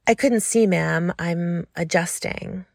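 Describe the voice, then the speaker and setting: A woman's voice: lowish voice, slow, vocal fry, no echo, clean studio sound, full character voice. A woman voicing a nervous, eager young man who answers politely and a little breathlessly.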